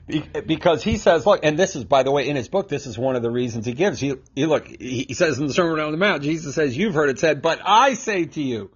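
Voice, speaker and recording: A man with a husky, breathy edge to his voice, teaching scripture in an easy conversational way. He jumps into quoted lines with sudden lively energy and chuckles along as he goes. The recording sounds a little muffled and lo-fi. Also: on the high side, quick pace, few pauses. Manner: animated, acts out quotes, chuckles often. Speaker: Bible teacher.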